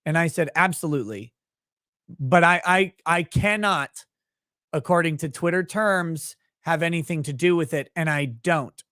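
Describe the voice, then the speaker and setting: A man talks through a loose, profane livestream ramble, reacting to chat as he goes. His voice sits a bit on the high side for a man. The sound is dry and close, with no room around it. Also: unhurried, pushed and bright, no room sound. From Minnesota, USA. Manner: profane, rambling, laughs often. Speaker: livestream host reading chat.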